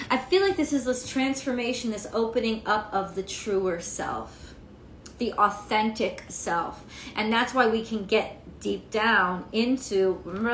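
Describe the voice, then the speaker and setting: A woman's voice: on the high side, echoey room, a little hiss or hum. A woman giving a casual tarot reading, frank and emphatic, swearing freely. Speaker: tarot reader.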